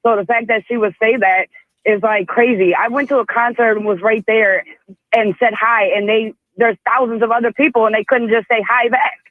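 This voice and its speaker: A woman's voice: on the high side, steady tone, normal speed, no echo. A woman calling in to a radio show, earnestly and insistently backing the host. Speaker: caller. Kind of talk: phone-in call. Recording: tinny phone line.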